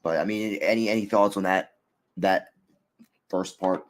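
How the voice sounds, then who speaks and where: A man's voice: deep voice, fairly even intonation, normal speed. A man co-hosting a casual review chat, rambling with many fillers and restarts. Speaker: co-host reviewing an episode.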